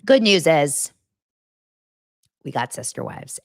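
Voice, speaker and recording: A woman's voice: low voice, animated, unhurried, fairly bright tone, no room sound, clean studio sound. A woman hosting a podcast, recapping reality TV in a blunt, sarcastic, casual way. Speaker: podcast host.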